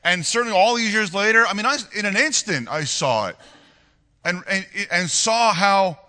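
A man in his forties preaching with a very bright, ringing voice that swings widely up and down. He speaks earnestly, often stumbling and repeating words as he tells a personal story. The sound carries a long hall reverb. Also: high-pitched, expressive, normal speed, clean tone. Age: 40s. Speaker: pastor.

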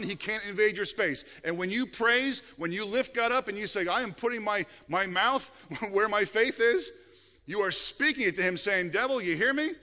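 A middle-aged male pastor preaching a sermon, animated and emphatic, with frequent restarts. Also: fairly high pitch. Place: church sanctuary. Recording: long reverb of a church hall.

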